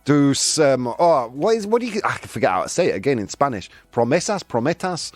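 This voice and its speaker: Lively jokey male radio host. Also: mid-range voice, a little fast, dry recording, soft background music. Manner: jokey, self-mocking, laughs often. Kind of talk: casual radio chat.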